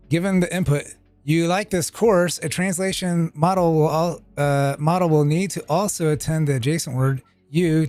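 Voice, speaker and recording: A man's voice: fairly high pitch, darkish tone. A man streaming, reading a technical tutorial aloud and breaking off for casual, profane asides. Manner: reads text aloud with casual asides and swearing.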